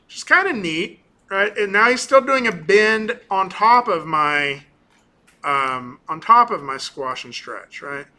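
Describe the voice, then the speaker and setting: A male animation instructor lecturing casually through a software demo, often ending points with "right?" and pausing on "um". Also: high-pitched, lively intonation. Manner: casual, talkative, keeps tagging on "right?"; frequent ums and restarts. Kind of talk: recorded class lecture with screen demo.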